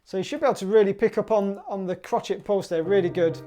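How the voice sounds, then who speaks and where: A woman's voice: mid-range voice, fast talker, dark tone. A woman teaching clarinet for a music exam, upbeat and chatty, singing rhythms aloud.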